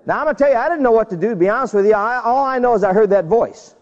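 A man's voice: very high-pitched, very fast. A man preaching a storytelling sermon, acting out the people in his tale. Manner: animated, acts out the people in his stories. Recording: dull recording with long hall reverb.

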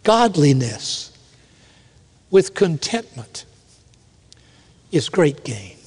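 A man preaching a sermon in a slow, measured cadence. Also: a little high, big pitch swings, long reverb tail.

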